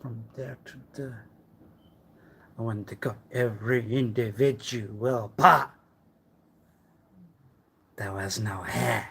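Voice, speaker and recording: A man on a livestream delivering a rambling, theatrical monologue, full of rhetorical questions and menacing threats, that swings from hushed mutters to loud outbursts. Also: mid-range voice, fairly even intonation, slow pace, vocal fry, long pauses, husky.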